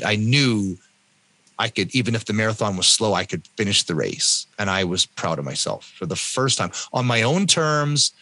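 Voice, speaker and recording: A Canadian man in his fifties, sharing his story as a guest, with a lower voice that swings widely as he acts out the people in it. The tone is bright and forceful, with a husky edge and a dry, close sound. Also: dry recording. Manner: animated, acts out other people's lines. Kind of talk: personal storytelling in an interview.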